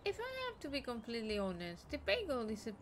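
A woman streaming a video game, chatting excitedly, swearing and talking to the characters on screen. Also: fairly high pitch, fast, a little hiss or hum. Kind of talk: casual game commentary.

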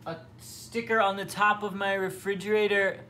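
A man's voice: sits high, flat delivery, normal speed, pushed and bright. A young man chats through a casual livestream from his kitchen at home, answering viewers' comments as they come. He rambles and restarts his sentences, with plenty of ums. A faint hum runs under the home recording. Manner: chatty, rambling, many fillers and restarts. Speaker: livestream host. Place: home, near the kitchen fridge.

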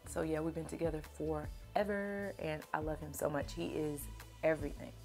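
Chatty low-voiced Southern woman vlogger. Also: moderate pace, a little mellow, faint music behind. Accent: Southern US country. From Kentucky, USA. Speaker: beauty vlogger. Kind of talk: casual Q&A vlog to camera.

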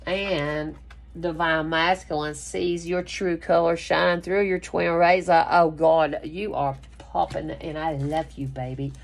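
A woman's voice: low-pitched, little pitch movement, slow, creaky, slight background noise. A woman giving a casual tarot reading, talking emphatically in a rambling way and swearing freely. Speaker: tarot reader.

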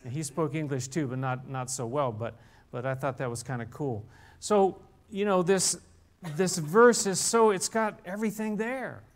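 An older man preaching a relaxed sermon in a church, conversational and halting, often restarting his sentences. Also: on the high side. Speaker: pastor. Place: church sanctuary.

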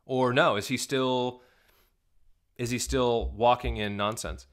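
A man's voice: mid-range voice, fairly even intonation, slow. A male pastor giving video reaction commentary, emphatic and indignant, firing rhetorical questions at his viewers. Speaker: Southern Baptist pastor.

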